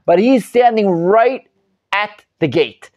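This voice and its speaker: A man teaching a live Torah class as a rabbi, animated and emphatic, often restarting and repeating words. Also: high-pitched, slow pace.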